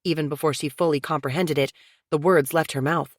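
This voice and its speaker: Audiobook narrator, woman, lower voice, dry studio read. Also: fairly even intonation, a little fast, no room sound. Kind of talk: scripted narration.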